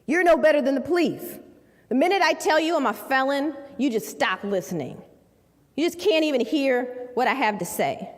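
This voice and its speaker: A woman's voice: sits high, lively intonation, normal speed. A woman speaker acting out a desperate young man insisting he is innocent, repeating himself as he pleads. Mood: accusing. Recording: long hall reverb.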